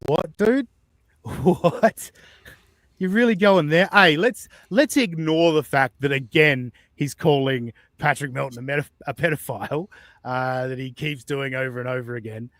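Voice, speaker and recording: Male host, slightly high voice, dry close sound, chatty, swearing. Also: a little slow, fairly bright tone, no echo. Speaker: podcast host. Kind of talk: casual reaction commentary.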